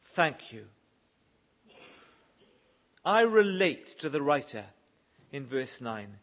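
Slow, earnest male preacher. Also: medium pitch, sing-song, a bit bright. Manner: earnest preaching, reading scripture aloud. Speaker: pastor. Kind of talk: sermon.

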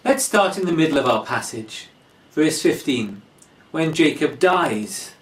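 Slow, lively-pitched preacher in an echoey church. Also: male voice, recorded from a distance. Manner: slow, deliberate expository preaching. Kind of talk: sermon.

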